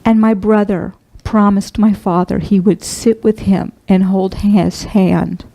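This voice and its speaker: A middle-aged woman minister speaks from the pulpit in a mellow, warm tone. She tells a personal story tenderly and from the heart, slowing and pausing as she goes. Her pitch sits in an ordinary middle range. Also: steady tone, gravelly, low-quality recording. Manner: tender, heartfelt storytelling with a slow, halting delivery.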